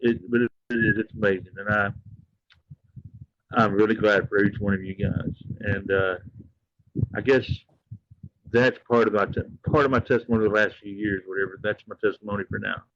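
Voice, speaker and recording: A man's voice: on the low side, fairly even intonation, normal speed, a bit bright. Guy rambling earnestly on a live stream, kinda dull lo-fi sound. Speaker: livestream host. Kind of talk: casual livestream chat.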